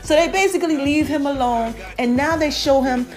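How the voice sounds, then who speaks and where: A woman podcast host, recapping a TV episode in an animated, chatty way, calling her listeners y'all and acting out the characters' lines. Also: sits high, a little fast. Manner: animated, addresses listeners as y'all, acts out quotes.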